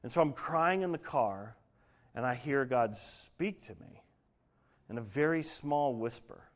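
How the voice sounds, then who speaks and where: A young man from Denver giving a sermon, telling a personal story in an earnest way that grows lively as he preaches. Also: medium pitch, unhurried. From Denver, Colorado. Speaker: pastor.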